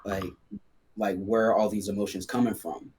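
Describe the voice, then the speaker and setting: A man's voice: lowish voice, flat delivery, normal speed, a little mellow. A man guesting on a podcast, telling a personal story in a casual, slangy way full of fillers.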